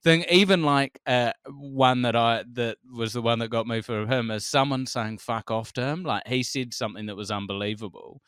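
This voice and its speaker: A New Zealand man in his forties chats on a podcast in a smooth, resonant voice. He tells stories with lively energy and acts out what other people said. The sound is dry and close. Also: mid-range voice, normal speed, hardly any pauses, no echo. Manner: animated storyteller, acts out quotes, laughs often. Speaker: comedian guest. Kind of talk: casual podcast chat.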